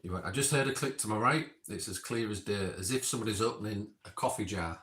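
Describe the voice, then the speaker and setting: Bright-voiced man in a roomy space. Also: on the low side, quick pace. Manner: reads timestamps and quotes, chatty asides. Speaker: experiment host reviewing session notes. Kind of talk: casual recap reading out logged remarks. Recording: roomy echo.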